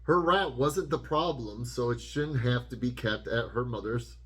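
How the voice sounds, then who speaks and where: A man co-hosting a podcast, reading a post aloud in a deadpan way during casual chat. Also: mid-range voice, normal speed, slightly rough. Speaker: podcast co-host.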